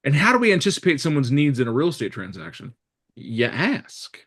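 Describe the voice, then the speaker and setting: A man leads a real estate training session in front of a live group. He speaks in a lively, blunt way, acts out the voices of customers and staff, and slips crude jokes in between. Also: medium pitch, brisk. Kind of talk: live training talk to a room.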